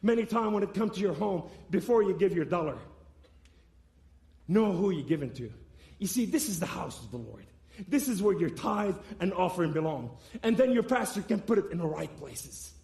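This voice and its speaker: A man giving preached testimony to a church, impassioned, swinging between loud and soft. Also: high-pitched, animated, normal speed, vocal fry. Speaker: guest speaker giving testimony. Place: church sanctuary. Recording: echoey room sound.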